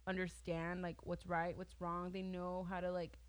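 A woman's voice: lowish voice, completely flat delivery, moderate pace, clear, resonant tone. A young adult woman chatting casually, telling a long story with "like" in almost every phrase and laughing often. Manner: chatty storyteller, heavy use of "like", frequent laughs. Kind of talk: casual chat.

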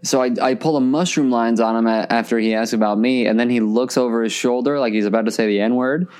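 A man's voice: medium pitch, fast, a little mellow, clear, resonant tone. A man telling a rambling comic story in a casual chat, full of "like" and "um". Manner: laid-back, rambling with frequent "like" and "um".

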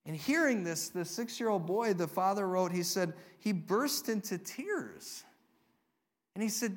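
High-voiced man preaching a sermon. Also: normal speed. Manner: rises to emphatic peaks, then drops soft and quiet. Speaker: pastor. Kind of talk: sermon with a told story.

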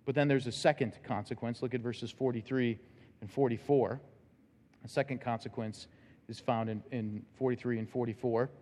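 A male pastor preaching a sermon in a church, emphatic, with sudden loud, high bursts. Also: steady tone, moderate pace, long reverb tail. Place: church sanctuary.

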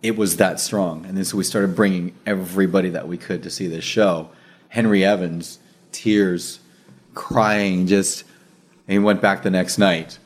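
A man hosting a casual chat, telling a story with energy, swearing and acting out what others said. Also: low voice. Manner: animated, slangy storyteller who swears and says dude and bro; acts out others' words in quick asides.

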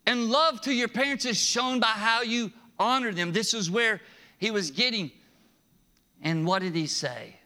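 A man preaching a sermon in a conversational, animated way, with rising emphasis and frequent chuckles. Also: high voice, unhurried. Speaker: pastor.

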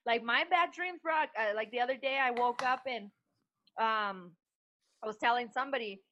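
Brash high-voiced woman swearing casually. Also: normal speed, a bit bright, highs cut off, slight background noise. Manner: brash, swears freely, says "bro". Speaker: podcast co-host. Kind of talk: casual chat.

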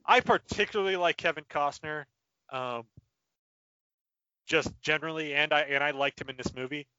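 A man with a bright, sharp, somewhat high voice chats eagerly in a podcast conversation, readily agreeing and piling on praise. His mic sounds dry and close, with slightly dull audio. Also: clean tone, no room sound. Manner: enthusiastic, quick to agree. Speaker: podcast co-host reviewing movies. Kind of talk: casual chat.

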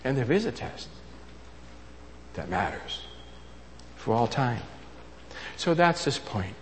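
A man preaching a sermon, emphatic, repeating his key phrases and swinging between loud and soft. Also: mid-range voice, sing-song, slow, slight background noise. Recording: long reverb of a large hall.

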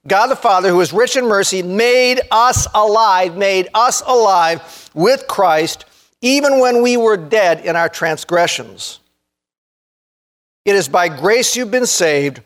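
Male preacher, high-pitched, earnest sermon delivery that slows and swells for emphasis. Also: animated. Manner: earnest, rising to fervent emphasis, slows to stress key words. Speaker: pastor.

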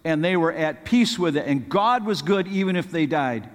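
A high-pitched man delivers an earnest sermon, his voice climbing into fervent pleading whenever he reads from scripture. The sound carries a long echo, as if it were recorded in a large hall. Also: lively intonation, normal speed. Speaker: preacher.

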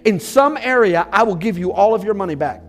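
High-voiced man preaching, music faint behind. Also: animated, a little fast. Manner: emphatic, calls out to the congregation. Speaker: pastor. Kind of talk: sermon. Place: church.

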